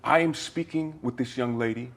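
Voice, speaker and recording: A man's voice: medium pitch, normal speed, pitched above the performer's own voice, lightly acted. A man performing a pompous, overly formal desk clerk who speaks in stiff, proper diction with fancy words. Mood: indignant.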